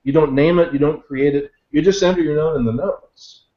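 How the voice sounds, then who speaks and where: A man giving a screen-share software demo, lively and self-deprecating, with jokey asides as he walks through the steps. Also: a little high, a little fast, roomy sound, muffled recording. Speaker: guest software expert.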